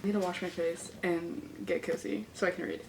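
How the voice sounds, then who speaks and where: A young woman in her twenties chatting excitedly to her viewers at home for a casual reading vlog. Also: lowish voice, brisk, vocal fry, background noise. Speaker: book vlogger.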